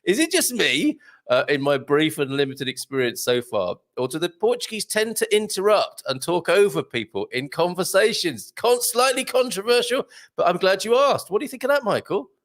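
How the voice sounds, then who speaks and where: A man's voice: sits high, big pitch swings, moderate pace, a bit bright. Male host, chatty and jokey, reads viewer comments on air. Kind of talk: live show chat reading viewer comments.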